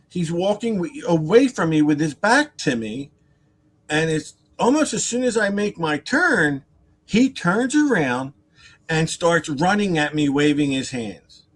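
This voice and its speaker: A man casually telling a long, rambling story on a live stream. He repeats himself, adds asides and acts out other people's lines. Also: high voice. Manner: animated and rambling, with repeated words, asides and laughter.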